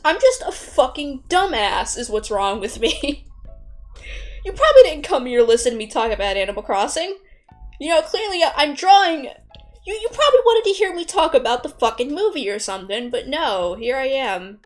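A woman's voice: high-pitched, big pitch swings, normal speed. Profane rambling young woman chatting while drawing. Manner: rambling, profane, self-mocking, laughs often. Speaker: artist vlogger. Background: soft background music.

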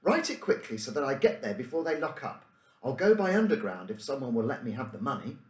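A brisk, obliging schoolboy ready to run an errand, as a man reads him out. The voice is lively, and there is a roomy echo around it. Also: medium pitch, voice pushed up, natural voice. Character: brisk helpful schoolboy messenger.

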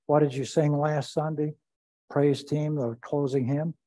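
A pastor leading a Bible study, speaking deliberately and repeating key phrases for emphasis. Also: male voice, mid-range voice, fairly even intonation, mellow, rough recording.

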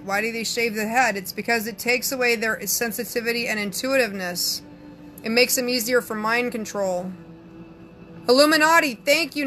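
Southern woman psychic, brash and chatty, bright edgy tone, faint room hiss. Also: on the high side. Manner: sassy, brash, reads viewer comments aloud. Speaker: psychic answering live chat. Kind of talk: casual live-stream chat.

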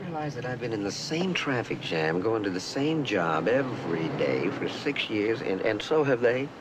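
A man's voice: fairly low pitch, big pitch swings, moderate pace. An actor playing a bored, restless suburban advertising man who talks in a wry, rambling way, in a 1960s film comedy. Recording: old film soundtrack with hiss.

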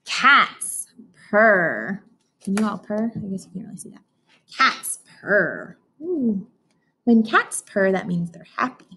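A woman teacher reads a picture book aloud to children, asking them questions and imitating animal sounds during the lesson. Her mid-range voice is brisk with lively intonation, and there's a little hiss or hum in the recording.

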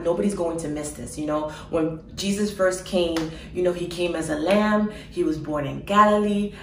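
A woman telling of her dream in an emotional personal testimony, halting with fillers and soft laughs. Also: low-pitched, roomy sound, distant mic, slight background noise, low-quality recording.

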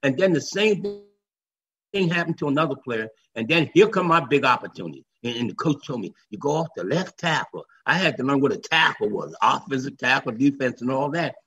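A man's voice: medium pitch, lively intonation, a little fast, fairly bright tone. An older man and former football player, telling stories in an interview and acting out the voices he quotes. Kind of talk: storytelling interview. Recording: dull lo-fi remote line with faint noise.

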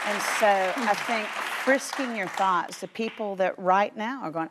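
A woman in her fifties with a Southern US accent, a guest author telling stories on a faith talk show in an animated way. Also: mid-range voice, normal speed, some chatter behind, a little hiss or hum. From Tennessee. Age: 50s. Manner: animated storyteller who quotes voices. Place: TV studio.

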